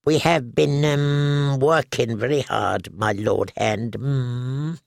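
A man reading an audiobook, voicing a nervous male alchemist with a squeaky, halting voice full of hesitations. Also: vocal fry, dry recording, studio quality. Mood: flustered.

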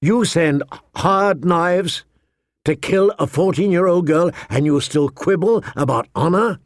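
Man doing grave honorable lord, firm and measured, dry sound. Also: mid-range voice, no room sound, natural voice. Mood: stern. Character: stern honorable middle-aged male lord.

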